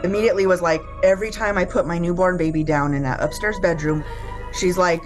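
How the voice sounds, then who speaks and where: A woman's voice: lowish voice, fairly even intonation, fast, faint music behind. A woman in an interview, casually telling a story and quoting others, with lots of "like.". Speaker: interviewed homeowner.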